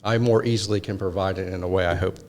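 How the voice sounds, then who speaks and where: Very deep-voiced man, measured. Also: steady tone. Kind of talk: casual conversation.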